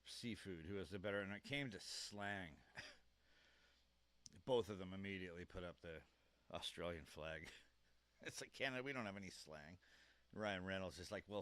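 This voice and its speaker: Deep-voiced man chatting on a live stream. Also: fairly bright tone, no echo. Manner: rambling, chuckles often, trails off mid-sentence. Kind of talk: casual stream chat. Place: home room with a computer fan. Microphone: dynamic microphone.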